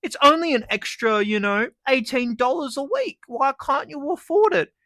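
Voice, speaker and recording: Aussie bloke putting on a whiny smug internet guy voice, way higher, sing-songy. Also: lively intonation, moderate pace, pushed and bright, dry recording, clean studio sound, full character voice. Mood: mocking. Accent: Australian. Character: smug male internet commenter, condescending.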